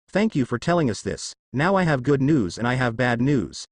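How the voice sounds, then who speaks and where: A man's voice: medium pitch, big pitch swings, normal speed, no echo. A man voicing a brash young male ninja who talks bluntly and tough, in a fan story read aloud.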